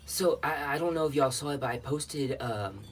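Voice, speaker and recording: A man's voice: medium pitch, normal speed, a little hiss or hum. Rambling, chatty man on a livestream. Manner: chatty, rambling, greets viewers by name. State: a little out of breath. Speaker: livestream host. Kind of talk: casual livestream chat with viewers.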